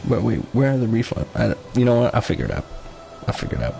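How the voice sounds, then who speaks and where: A man's voice: fairly low pitch, sing-song, fast, gravelly, dark tone. A man streaming a game live, chatting casually and giggly, often breaking into laughter. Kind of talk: casual live-stream chat while gaming. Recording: faint game music underneath.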